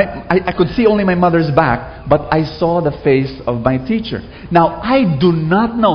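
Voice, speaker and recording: Speaking on the high side, a man from the Philippines preaches in a church hall full of people, weaving in stories and calling for them to repeat his lines. The hall recording is dull and echoey, with a little hiss or hum.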